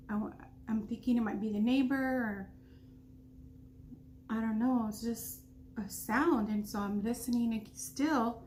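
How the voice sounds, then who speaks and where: A woman's voice: on the high side, dark tone, a little hiss or hum. A woman in her thirties telling a story while eating, talking casually with food in her mouth. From United States. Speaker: vlogger.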